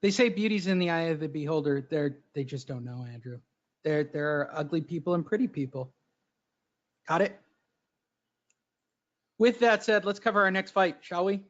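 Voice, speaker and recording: Brash, crude podcast co-host, male, high-pitched, muffled lo-fi sound. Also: moderate pace, pauses often. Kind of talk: casual chat. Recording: dull lo-fi audio.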